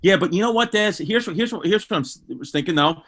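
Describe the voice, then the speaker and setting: A comedian with a New York accent who tells crude stories brashly and with animation. His voice is high for a man. His tone is bright and forceful. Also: animated, fast talker. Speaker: comedian guest. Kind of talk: casual comedic storytelling.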